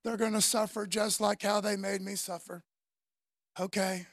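A woman's voice: medium pitch, flat delivery, moderate pace, no echo. A woman preacher delivering a fervent, conversational sermon full of casual slang.

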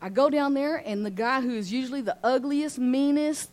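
A woman teaching an informal Bible study in a lively way, often laughing and asking her listeners questions. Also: sits high, moderate pace. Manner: animated, asks the group questions, laughs often.

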